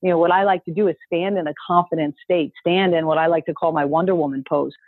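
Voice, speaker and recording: A woman's voice: on the low side, fairly even intonation, fast, dry recording. A woman coach giving an upbeat, emphatic motivational talk, coaxing listeners to repeat phrases after her, heard over a call. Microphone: call audio. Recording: dry tinny phone-like call audio.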